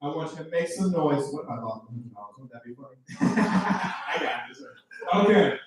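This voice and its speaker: Loud high-voiced male comedy host. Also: expressive, normal speed. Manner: loud, rowdy crowd-pumping. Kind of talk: hyping a live comedy competition. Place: comedy club stage. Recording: roomy club echo, distant mic, noisy.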